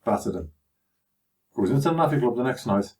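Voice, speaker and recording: A man's voice: medium pitch, animated, fast, a little mellow, recorded from a distance. An older man with a Scouse accent telling his son stories from his life in a chatty, anecdotal way. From Liverpool, England. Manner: chatty anecdotal telling, acting out others' voices. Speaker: father recounting his life. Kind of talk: conversational life-story storytelling.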